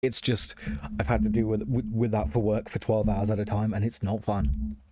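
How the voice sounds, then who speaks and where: A man's voice: on the low side, flat delivery, moderate pace, dark tone, dry recording. A man streaming live while he works on a computer build, thinking aloud, answering chat and often apologizing. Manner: apologetic, self-conscious.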